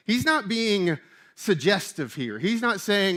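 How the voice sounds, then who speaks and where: A man preaching a sermon as pastor, in an animated, emphatic and conversational way. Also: high-pitched, normal speed.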